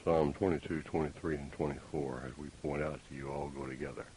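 A man preaching a sermon, deliberate and emphatic, with pointed rhetorical questions. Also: rumbling low, steady tone, a little mellow, low-quality recording. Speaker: pastor. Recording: faint hiss.

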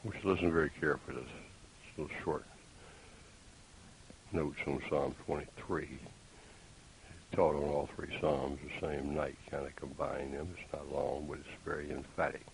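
A man preaching a sermon, deliberate and emphatic, with pointed rhetorical questions. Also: rumbling low, little pitch movement, vocal fry, low-quality recording. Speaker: pastor. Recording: faint hiss.

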